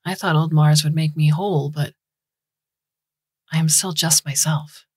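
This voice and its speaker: A woman's voice: deep voice, steady tone, a little slow, husky, dry recording, clean studio sound. Woman reading as a restless, searching man. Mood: wistful. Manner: earnest, wistful questioning.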